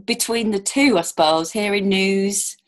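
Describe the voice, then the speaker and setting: A woman hosting a relaxed podcast conversation. She talks in a chatty, rambling way, full of little fillers and false starts. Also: medium pitch, a little slow. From United Kingdom. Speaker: podcast host. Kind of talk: casual interview chat.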